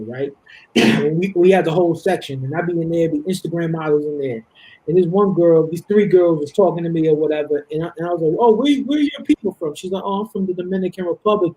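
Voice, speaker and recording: A man from Harlem tells animated stories in a casual podcast chat. His voice sits high and a little husky, and he breaks into laughter often. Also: poor audio. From Harlem, New York. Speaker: guest.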